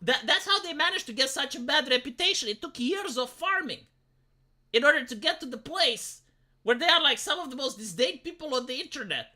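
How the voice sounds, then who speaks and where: Young woman, live streamer, swearing rant, lively swooping pitch, bright tone. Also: fairly quick. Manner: profane, exasperated, rambling with restarts. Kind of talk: ranting casual chat.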